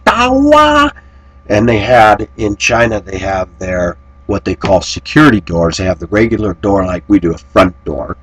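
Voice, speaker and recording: A man's voice: sits low, husky, low-quality recording. An American man vlogging, telling rambling anecdotes in a casual, conversational way. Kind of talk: casual storytelling to camera.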